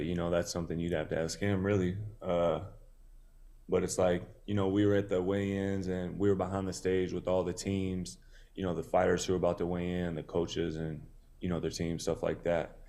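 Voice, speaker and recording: A man's voice: low-pitched, flat delivery, normal speed, mellow. A male boxer in his thirties from Tennessee, telling a story in a casual interview, laid-back with many fillers. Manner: laid-back, many "you know" fillers, acts out quoted dialogue.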